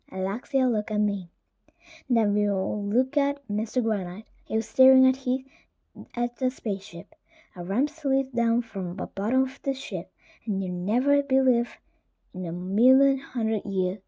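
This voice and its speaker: A woman's voice: medium pitch, warm tone. A woman reading a children's chapter book aloud. She sometimes stumbles and corrects herself, gives the children in the story livelier voices, and drops to a whisper for asides. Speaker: reader.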